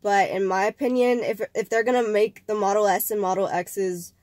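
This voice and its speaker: A woman's voice: medium pitch, steady tone, moderate pace, a little mellow, no room sound. A young woman hosting a casual vlog, talking to camera in a chatty, rambling way and sounding a little nasal from a cold. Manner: chatty, rambling, with fillers and restarts. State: slightly nasal, getting over a cold. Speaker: vlog host.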